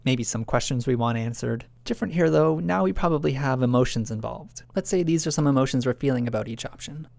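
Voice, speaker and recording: Musing man with a gravelly, dry voice. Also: mid-range voice, a little fast, hardly any pauses, darkish tone, no echo. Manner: musing, self-questioning, thinking aloud. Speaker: video essay narrator. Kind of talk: reflective scripted narration.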